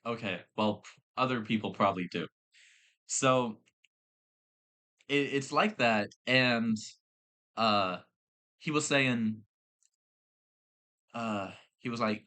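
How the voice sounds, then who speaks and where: Brief: young male podcast host, bright forceful tone, rambling and profane. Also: medium pitch, slow, pauses often. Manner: rambling, swears freely, frequent fillers. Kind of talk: casual storytelling chat.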